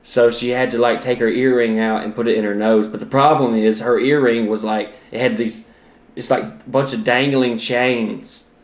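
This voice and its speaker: A man in his thirties tells comic stories with profane, self-mocking exaggeration. His voice sits at a middle pitch and carries a noticeable room echo. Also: steady tone, moderate pace. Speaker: podcast host and comedian. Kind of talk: comedic storytelling monologue.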